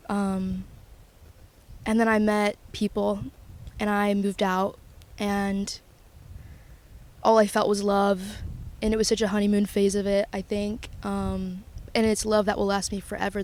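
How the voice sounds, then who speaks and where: A young woman talking through her feelings in a confessional vlog, earnest and emotional, halting with pauses and restarts. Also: medium pitch, darkish tone. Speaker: vlogger.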